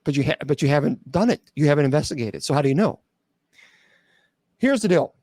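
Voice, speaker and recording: Sarcastic priest guy, kinda high voice, dry close sound, lots of stumbling restarts, livestream q&a. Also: animated, fairly quick, a little mellow, dry recording. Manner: blunt, sarcastic, many restarts. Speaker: clergyman answering viewer questions.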